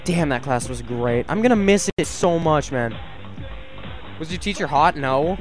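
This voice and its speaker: A man's voice: fairly high pitch, lively intonation, a little slow, faint music behind, poor audio. A young man from Canada telling crude school stories in a rambling, casual way, laughing at himself. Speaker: livestreamer. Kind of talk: casual storytelling chat.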